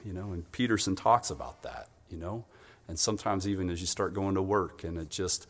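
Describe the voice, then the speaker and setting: A man preaching a sermon in an animated storytelling way, acting out the voices of the people in his stories. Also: sits low, a little fast, in a large hall.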